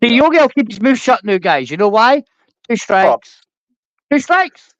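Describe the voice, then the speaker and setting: A man's voice: very high-pitched, big pitch swings, moderate pace, fairly bright tone, dry recording. A man on a livestream panel, crude, mocking and rambling, heard through slightly dull stream audio. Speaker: panel guest. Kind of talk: heated livestream panel banter.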